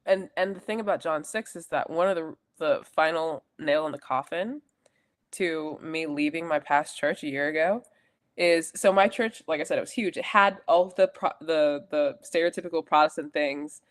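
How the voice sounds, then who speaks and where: A woman's voice: sits low, moderate pace. A young adult woman co-hosting a podcast, telling a personal story in a rambling, chatty way with self-corrections. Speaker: podcast co-host. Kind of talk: casual chat.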